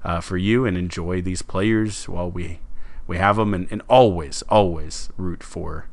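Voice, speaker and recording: A man co-hosting a sports podcast, talking in a halting, jokey way with many fillers. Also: low voice, fairly even intonation. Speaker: podcast co-host. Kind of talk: casual sports podcast chat.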